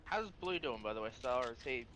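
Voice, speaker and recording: A man's voice: medium pitch, animated, normal speed, poor audio. A man with an Australian accent chatting casually, blunt and teasing. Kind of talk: casual chat. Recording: loud crowd noise behind.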